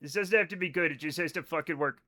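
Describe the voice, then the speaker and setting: High, bright-voiced male streamer. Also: quick pace. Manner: joking, rambling, swears freely. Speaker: livestreaming gamer. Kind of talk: casual live-stream chat.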